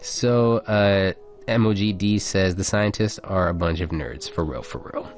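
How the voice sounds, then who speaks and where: A man's voice: low-pitched, unhurried, soft background music. A man co-hosting a casual radio chat, reading listener messages and jokes aloud in a laid-back way. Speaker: radio show co-host.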